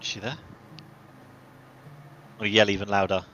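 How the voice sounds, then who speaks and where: A man's voice: on the low side, level tone, moderate pace, lo-fi sound, very noisy. A man playing a tabletop game, speaking playfully and expressively as his character. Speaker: player. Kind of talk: tabletop role-play, in and out of character.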